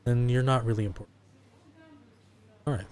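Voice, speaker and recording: A man narrating a tabletop horror game as game master, in a calm, unhurried way. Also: medium pitch, clean tone.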